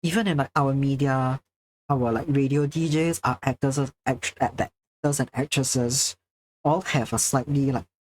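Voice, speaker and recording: With slight background noise, a young man from Singapore speaks in a Singaporean accent, chatting casually on a livestream as he draws and responds to chat. His mid-range voice is steady and unhurried, precisely enunciated and projected in a presenter's manner.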